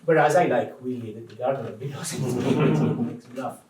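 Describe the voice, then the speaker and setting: A man with an Italian accent, a native Italian speaker, talks as a guest translator in a live public conversation, thoughtful and animated with many restarts. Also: mid-range voice, a little fast. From Italy. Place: event room before an audience. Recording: echoey room, distant mic, faint noise.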